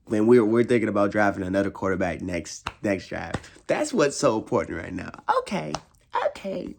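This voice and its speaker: A young man, a frustrated football fan, ranting in casual slang, repeating himself and swinging his voice high in exasperation. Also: very animated, moderate pace, gravelly, a little hiss or hum. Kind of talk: casual rant.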